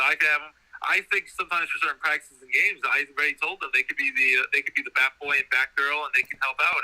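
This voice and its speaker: Fast, bright-voiced man chatting on air. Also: fairly high pitch, rough recording. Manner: eager, rambling storytelling. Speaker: guest, new college baseball coach. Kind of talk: casual radio chat.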